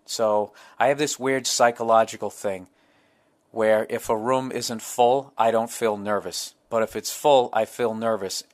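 A man's voice: lowish voice, fairly even intonation, unhurried. A middle-aged man, hosting a solo podcast, telling profane, rambling comic stories. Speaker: podcast host.

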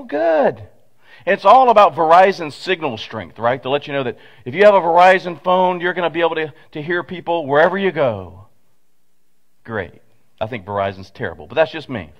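A man preaching from the pulpit of a church, with a pulpit microphone. He talks in a folksy, storytelling way, full of asides and rhetorical questions to the congregation, and his voice sits a little on the higher side for a man. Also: a bit bright, dull audio. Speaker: pastor. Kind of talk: conversational sermon. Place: church sanctuary.

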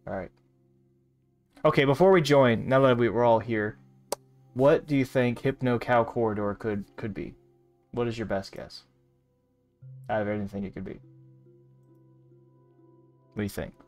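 A man streaming a virtual world game, reacting out loud in casual commentary with laughs and exclamations. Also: moderate pace, long pauses, soft background music. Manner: laughing, exclaiming, sudden high squeals. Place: at home at a desk.

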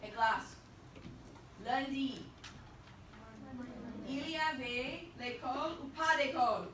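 A fairly high-voiced woman teaches a roomful of students, counting them in and drawing words out slowly as they read together. She sounds distant from the mic, her voice bouncing around a reverberant classroom with steady background noise. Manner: animated, leads choral reading with slow drawn-out words and countdowns. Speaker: French teacher. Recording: echoey classroom from far off.

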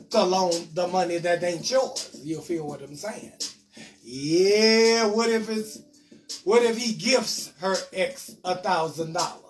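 Male comedian host, high voice, reads viewer comments with loose jokes; off-mic, music playing behind. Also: recorded from a distance. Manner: loose, joking, talks back to commenters. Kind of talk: live-stream commentary reading viewer comments.

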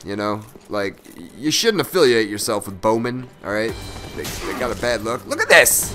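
Excitable, swearing man narrating gameplay. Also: normal speed, faint music behind. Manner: excitable and profane, jumps from loud yelps to low mutters. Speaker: gameplay commentator. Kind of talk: live gameplay commentary.

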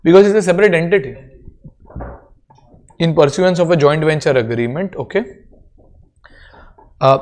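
A man's voice: on the high side, normal speed, long pauses, a little mellow. A man with an Indian accent giving a classroom accounting lecture, explaining step by step and checking in with students.

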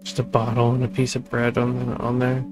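Flat-voiced man reading a text game. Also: medium pitch, a little fast, over music, poor audio. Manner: reads game text, then chats in asides. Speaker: gaming channel host. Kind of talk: reading a text adventure aloud with casual commentary.

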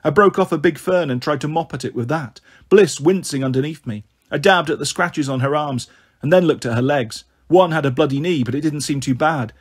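A man reading a children's novel aloud in a measured, earnest storytelling manner. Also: fairly high pitch, breathy edge. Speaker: audiobook reader. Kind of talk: scripted narration of a children's novel.

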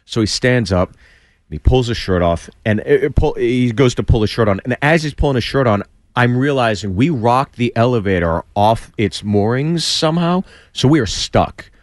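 Animated male comedian telling a story. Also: mid-range voice, normal speed, no room sound, clean studio sound. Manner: acts out quoted voices, lots of restarts. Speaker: stand-up comedian guest. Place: radio studio. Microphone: studio mic.

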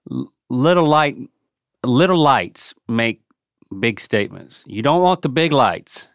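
A man co-hosting a casual podcast chat, explaining home tips in an animated way with playful sound effects. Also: medium pitch, slow, vocal fry, no echo, studio quality. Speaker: podcast co-host.

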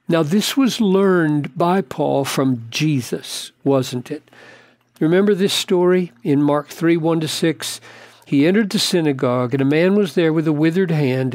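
Older male pastor, measured earnest Bible teaching, unhurried, dry studio sound. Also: on the high side, dry recording. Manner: earnest, deliberate, stretches key words for emphasis.

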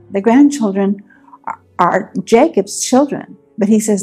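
A woman retells a Bible story in a relaxed, animated way, slipping into the characters' lines. Her voice sits at a middle pitch. Soft music plays faintly behind her. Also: takes it slowly, breathy edge. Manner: lively storytelling, acting out quotes. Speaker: Bible teacher.

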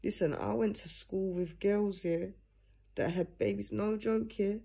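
A woman's voice: mid-range voice, fairly even intonation, a little slow, gravelly, mellow, breathy edge. A young woman talking casually to camera from home, earnest and direct, ending nearly every phrase with "yeah?". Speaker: vlogger. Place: at home in pajamas. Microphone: phone or camera.

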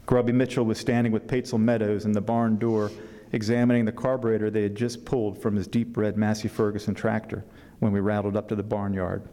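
A man reading aloud from his novel at a public event, pausing with fillers when he talks freely and then reading steadily. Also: on the low side, dark tone, long reverb tail. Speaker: author at a book fair reading. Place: event hall.

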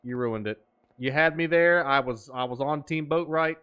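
A man's voice: on the high side, normal speed, sharp tone, smooth. A man streaming a game, joking and riffing in playful banter with his chat. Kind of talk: gaming stream commentary.

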